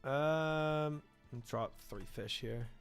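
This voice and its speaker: A man's voice: on the high side, very slow, smooth, soft background music. A man streaming a game, chatting casually with his chat and rambling, then trailing off into mumbled talk about the game. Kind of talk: casual gameplay chat reading chat.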